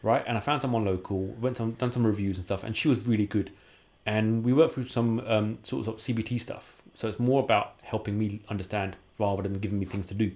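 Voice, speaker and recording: A man's voice: lowish voice, steady tone, a little fast, darkish tone. A man, a podcast guest telling candid personal stories in a casual way and acting out the dialogue he quotes. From London, England.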